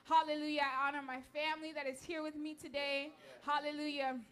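A young woman with a noticeably high voice speaks to a church congregation. She moves between grateful acknowledgments and measured scripture reading, steady and earnest. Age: young adult. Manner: fervent tearful prayer, then warm measured preaching. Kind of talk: sermon. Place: church sanctuary.

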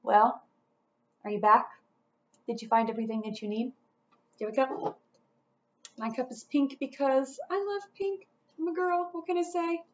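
A woman's voice: a little high, lo-fi sound. A woman teaching an upbeat music lesson to children, chanting rhythm syllables along the way.

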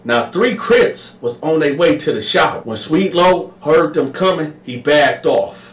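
A man's voice: on the high side, unhurried, recorded from a distance. Slangy man telling a prison story. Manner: slangy, addresses listeners as y'all. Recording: echoey room, away from the mic.

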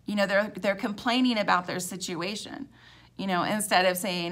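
A woman giving an earnest, casual Bible study, reading scripture aloud and reflecting in a halting way, with many fillers and restarts. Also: medium pitch, steady tone, a bit bright. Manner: reads scripture aloud between personal reflections. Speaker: Bible teacher.

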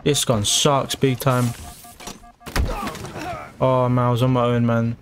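A young man, excitedly commentating his own gameplay and trash-talking opponents. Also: mid-range voice, slow. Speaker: gamer. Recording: game music in background.

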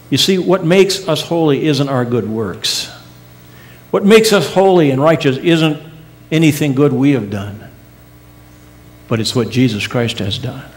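Earnest preaching man, middle-aged pastor. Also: mid-range voice. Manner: earnest preaching, rising emphatic peaks and soft drops; casual folksy asides. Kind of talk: sermon. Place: church sanctuary.

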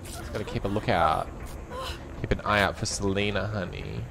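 With background noise behind him, a young streamer comments on his video game in a lowish, gravelly voice. His intonation is fairly even and his pace moderate, though he's camp and sassy, swears plenty, and bursts into shrieks and laughter.

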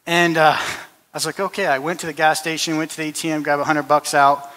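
A man's voice: fairly high pitch, level tone, fairly quick, pushed and bright. A man giving an informal testimony at a church service, telling stories conversationally, often repeating words and adding "you know.". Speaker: guest speaker and musician at a church service. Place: church hall. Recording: long reverb of a church hall.

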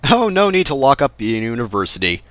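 A man narrating his playthrough of a game with a sarcastic, joking edge, talking back at the characters. His pitch swings widely as he reacts. The sound is dry and close, with no room around it. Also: big pitch swings, a little fast, a bit bright, no room sound. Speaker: let's play host. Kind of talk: gameplay commentary.

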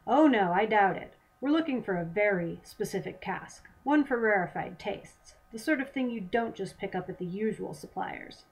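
A woman's voice: mid-range voice, lively intonation, normal speed, few pauses, close to an everyday voice, rough recording. A woman voicing a scheming male lawman corporal who mocks and bargains slyly, read in a storybook reading. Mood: smug. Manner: mocking, sly bargaining.

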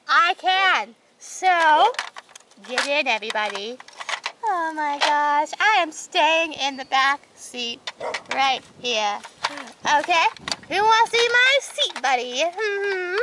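A woman voicing a whole group of toy characters, chattering and squealing through their banter in a playful role-play. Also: sits high. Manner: excitable, squealing, chattering banter between figures. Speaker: toy video creator voicing all the characters. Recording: noisy home recording.

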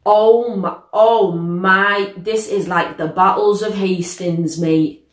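A woman reacting to a song, exclaiming often and pausing to repeat and explain the lyrics. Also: mid-range voice, fairly even intonation. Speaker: music reaction vlogger. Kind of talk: reacting to a song, casual commentary. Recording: echoey room.

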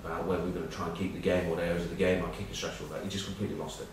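A low-voiced man in his forties wanders through dressing-room anecdotes with dry, self-deprecating humour. He stumbles over ums and uhs as he talks. The sound is boomy and distant, with heavy room echo and a faint hiss of background noise. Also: fairly even intonation, racing. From England. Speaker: former rugby captain presenting a web news piece. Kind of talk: casual anecdotal monologue.

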